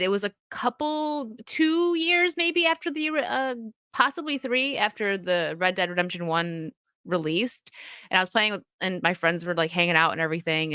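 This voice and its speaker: A woman's voice: on the low side, sharp tone, no room sound, studio quality. A woman hosting a casual livestream, chatting with viewers, reading their messages aloud and laughing often as she talks. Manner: chatty and upbeat, laughs often, frequent restarts. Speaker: livestream host reading chat. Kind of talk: casual chat.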